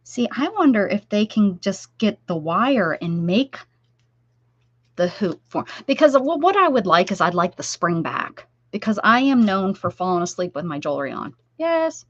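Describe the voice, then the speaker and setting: A chatty middle-aged woman streams crafts from home, her mid-range voice very animated and at normal speed. The lo-fi mic sounds dull in a dry room with no echo, and she rambles while addressing viewers by name during casual live-stream chat.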